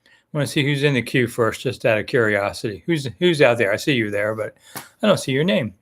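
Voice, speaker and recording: A man's voice: mid-range voice, animated, a little fast. A middle-aged man hosting a casual live stream, chatting in a rambling, self-deprecating way about football coaching news. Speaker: sports talk show host.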